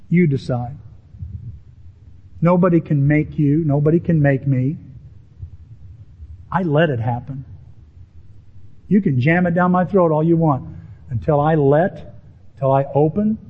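Emphatic husky man preaching a sermon. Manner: animated, emphatic preaching with rising pitch on key words. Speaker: pastor. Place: church sanctuary with a congregation. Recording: dull, lo-fi sermon audio.

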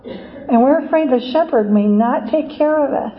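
A woman preaching a sermon in a slow, reflective, earnest way. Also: sits high, muffled recording.

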